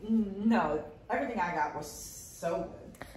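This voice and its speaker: A woman's voice: on the low side, animated, measured pace, a little mellow. A woman chatting casually with a friend, enthusiastic and listing the things she liked. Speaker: travel companion. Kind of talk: casual chat. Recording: echoey room with faint noise.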